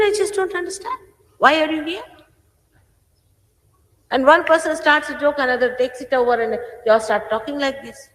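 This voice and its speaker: A woman in her sixties, a spiritual teacher addressing her followers in a stern, scolding manner. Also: high-pitched. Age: 60s. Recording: roomy archive recording with long hall reverb.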